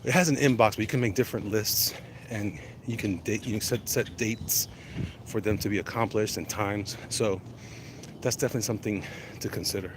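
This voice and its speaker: A man's voice: on the low side, brisk, noisy background. A man chatting casually while walking outdoors in the cold, rambling and reading out viewer comments as he goes. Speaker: vlogger answering live chat. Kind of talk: casual walk-and-talk livestream chat.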